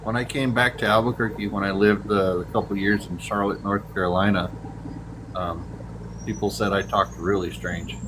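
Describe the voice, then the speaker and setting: A low-voiced man chatting casually on a live show. He chuckles easily and rambles through his stories. A clear layer of noise sits behind him. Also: steady tone, moderate pace. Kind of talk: casual live-stream chat.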